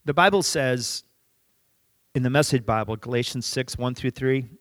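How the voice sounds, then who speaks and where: A man's voice: medium pitch, normal speed, dry recording. Conversational male pastor, dry close sound. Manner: conversational, drops soft for emphasis. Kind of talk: sermon with storytelling.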